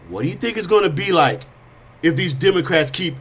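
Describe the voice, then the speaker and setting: A middle-aged man with a Californian accent, hosting a talk show and telling stories in a lively, animated way that acts out sounds and quotes. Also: high voice, fairly quick, husky. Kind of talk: casual storytelling monologue.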